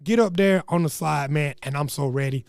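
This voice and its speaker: A young man telling a comedic story in an animated, slangy way, acting out what people said. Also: fairly high pitch, a little fast, gravelly, clear, resonant tone, no echo, clean studio sound. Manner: animated, slangy, acts out quotes.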